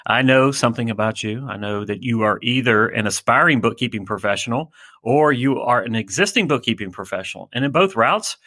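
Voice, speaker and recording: Male show host, bright forceful voice, dry close sound, energetic and friendly. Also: medium pitch, no room sound. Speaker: podcast host. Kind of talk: hosting an interview show.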